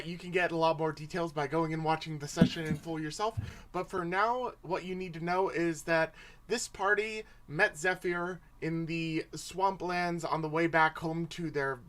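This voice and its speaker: A man's voice: on the high side, fairly bright tone. A man hosting a livestreamed tabletop game as game master, casual and chatty.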